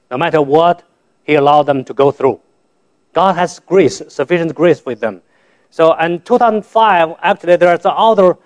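A man from China, giving a church testimony in halting, simple English, often repeating and restarting words. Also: sits high. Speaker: guest speaker giving testimony.

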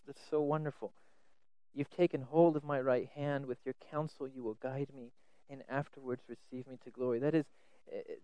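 A man preaching a sermon, earnest, often repeating words as he stresses a point, swinging between loud emphasis and soft asides. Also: fairly high pitch, clear, resonant tone, no room sound, rough recording.

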